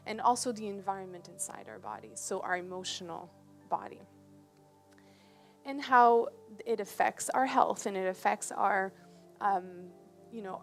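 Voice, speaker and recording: A woman giving a talk, telling a personal story in a conversational way and often checking in with her listeners. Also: mid-range voice. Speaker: presenter. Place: presentation on a cruise ship.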